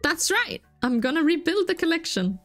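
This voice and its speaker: A woman's voice: extremely high pitch, sing-song, moderate pace, faint music behind, pitched above the performer's own voice. A woman reading aloud the lines of a downcast young male museum curator in a video game, in a lightly changed voice. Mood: downcast earnest. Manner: reads the dialogue box aloud.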